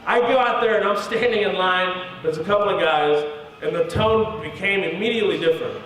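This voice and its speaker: High-voiced comedian in an echoey hall. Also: male voice. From Kuwait. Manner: animated, quick, conversational. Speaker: stand-up comedian. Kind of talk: stand-up storytelling. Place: large hall at a mosque event. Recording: echoey hall, distant mic, crowd noise. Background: audience crowd.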